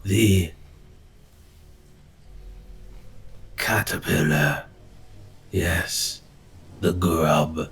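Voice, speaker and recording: Man voicing a solemn cult member, very deep, drawn-out slow delivery, preaching manner. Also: vocal fry, fairly bright tone, full character voice. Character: solemn male cultist with unblinking yellow eyes.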